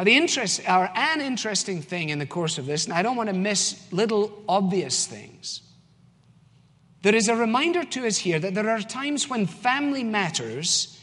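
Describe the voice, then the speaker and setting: A man's voice: sits high, fairly bright tone. A man with a Scottish accent preaching a sermon as pastor, in an emphatic, conversational way. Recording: long church hall reverb.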